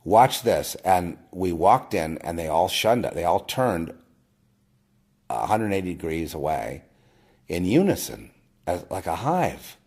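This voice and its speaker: A man giving a rambling personal testimony as host of his own video, with frequent restarts and swings between loud emphatic bursts and quiet murmurs. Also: low voice, very animated, measured pace, slightly rough.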